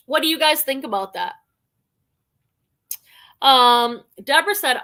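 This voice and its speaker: A woman with a higher, pushed, bright voice hosts a casual reseller livestream. She chats freely, reads viewer comments aloud, and fills her speech with lots of "like" and "um."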